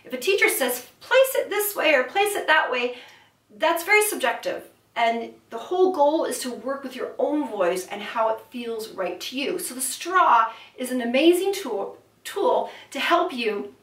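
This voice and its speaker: A woman's voice: high-pitched, animated, a little slow, a bit bright. A woman voice teacher giving a vocal lesson, explaining exercises and at times talking through a straw. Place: studio room. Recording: roomy, from a distance.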